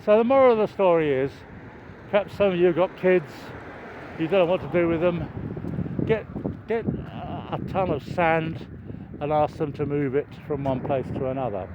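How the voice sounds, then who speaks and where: A man's voice: fairly high pitch, moderate pace. Older man rambling wryly while walking outdoors. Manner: chatty, wry asides, many fillers and restarts. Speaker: vlogger filming a construction site. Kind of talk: rambling walk-and-talk narration. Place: outdoors by a road, walking downhill. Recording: dull outdoor camera audio with traffic noise.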